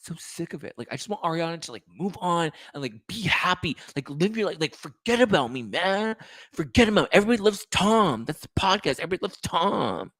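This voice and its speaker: A sulky, self-pitying man whines in a breathy, high-pitched voice, put on by a male host. He drags out his sighs and complaints. The sound is dry and close. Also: sing-song, a bit bright, no room sound, heavily acted. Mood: whiny. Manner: whining, drawn-out sighs. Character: whiny, sulky adult man feeling wronged.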